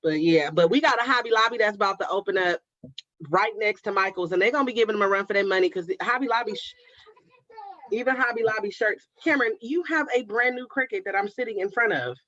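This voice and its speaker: A woman's voice: medium pitch, quick pace, sharp tone, no room sound. A woman from Oakland hosting a craft livestream, chatting casually with viewers and calling them baby and girl. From Oakland, California. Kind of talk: casual livestream chat reading viewer comments. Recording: dry, slightly dull livestream audio.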